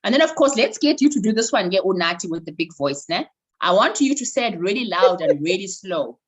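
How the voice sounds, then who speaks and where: A woman leading an online voice workshop over a video call, animated and coaxing. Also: mid-range voice, fairly quick, slightly rough, rough recording. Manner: animated, instructive, coaxing participants. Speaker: voice coach running a workshop.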